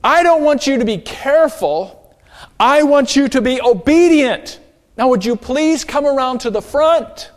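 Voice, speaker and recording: A man's voice: very high voice, lively intonation, measured pace, big-room sound, pitched above the performer's own voice. A man voicing a stern mother who hollers at a small boy to obey. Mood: insistent. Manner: hollering, insistent.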